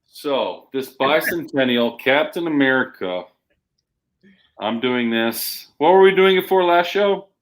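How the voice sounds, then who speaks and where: A man co-hosting a live shopping show, pitching comic books with hyped, emphatic salesman patter. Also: animated, a little slow. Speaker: co-host selling comics.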